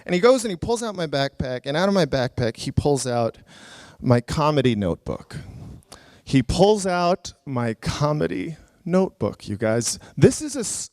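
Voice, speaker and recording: A man's voice: sits high, no room sound, clean studio sound. A comedian telling a story live, chatty and self-mocking, with frequent fillers and laughs at his own jokes.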